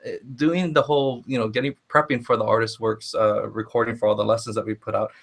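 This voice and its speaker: A man who teaches ukulele talks casually on a live panel, relaxed and hesitant, with many fillers. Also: fairly low pitch, fast, creaky.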